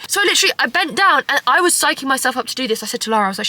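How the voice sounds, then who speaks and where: Young woman, casual vlog chat, sweary, sarcastic, bright tense tone, slightly high voice. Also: expressive, very fast, few pauses, no echo. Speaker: vlogger.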